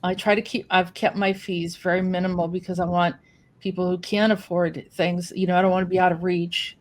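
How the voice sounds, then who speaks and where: Flat-toned hesitant female guest. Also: on the low side, fairly quick. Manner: hesitant, many ums and restarts. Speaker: podcast guest. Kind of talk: casual interview answers.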